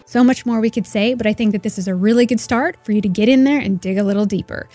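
A woman's voice: mid-range voice, fast talker, warm tone. A woman hosting an interview, agreeing readily with short affirmations. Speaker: podcast host. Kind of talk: interview conversation.

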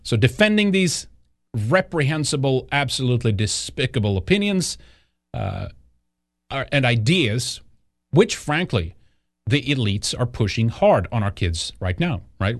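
A man's voice: mid-range voice, very animated, measured pace, no echo, clean studio sound. A man hosting a news commentary podcast, talking in a rambling, indignant way and swearing often. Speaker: podcast host.

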